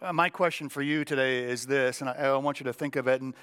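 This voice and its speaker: A middle-aged male pastor preaching a sermon with a strained, cracking voice, emphatic and slowing down to stress key lines. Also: medium pitch, steady tone, fairly bright tone, clean tone. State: voice cracking, throat clearing.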